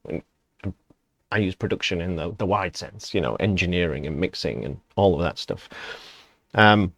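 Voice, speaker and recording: An enthusiastic man gives a loose, rambling music review, chuckling between thoughts. His voice sits low, and the recording is dry and close with no room sound. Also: moderate pace, gravelly, a bit bright, no room sound. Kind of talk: casual reaction commentary.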